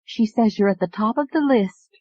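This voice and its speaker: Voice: mid-range voice, normal speed, dry recording, highs cut off, voice pushed up, close to an everyday voice. A male narrator voicing a cheerful young female secretary who speaks in a bubbly way. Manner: bright, bubbly.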